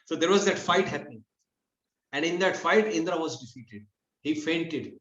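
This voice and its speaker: A man's voice: a little high, normal speed. A man telling a scripture story in a conversational class style, often restarting his sentences. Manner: conversational, with frequent restarts and lively acted quotes. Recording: dull, roomy lo-fi recording.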